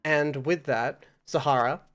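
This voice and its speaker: Smooth-voiced man running a tabletop game. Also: on the high side, measured pace, a bit bright. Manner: casual, many fillers, loose narration. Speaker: game master.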